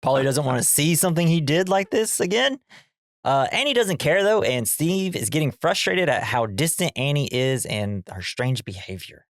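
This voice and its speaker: A man's voice: fairly high pitch, moderate pace, dry recording, clean studio sound. A man co-hosting a movie podcast, recapping scenes in casual chat and acting out the characters' lines. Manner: animated, acts out character lines. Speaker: podcast co-host.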